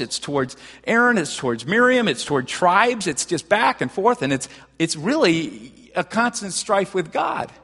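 A man's voice: sits high, breathy edge. Man preaching in a reverberant hall. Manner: conversational preaching with frequent restarts, rising to animated emphasis. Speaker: pastor. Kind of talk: sermon.

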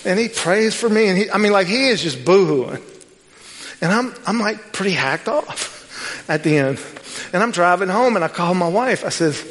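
Middle-aged guy preaching, high voice, tells stories and acts out the quotes, big echoey church hall. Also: normal speed. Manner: storytelling with lively quoted dialogue. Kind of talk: sermon. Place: church sanctuary. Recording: long hall reverb.

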